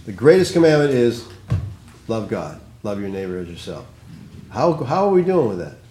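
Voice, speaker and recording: A man's voice: lowish voice, very animated, moderate pace, mellow, roomy sound, a little hiss or hum. Guy teaching a bible study, easygoing, keeps saying okay?. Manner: plain-spoken, conversational, checks in with "okay?". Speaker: pastor leading a Bible study. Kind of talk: teaching sermon with group discussion.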